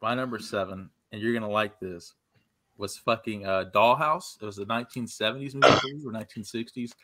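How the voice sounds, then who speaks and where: A man co-hosting a podcast in casual chat, laid-back, quick to laugh, and given to swearing. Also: lowish voice, bright, forceful tone. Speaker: podcast co-host.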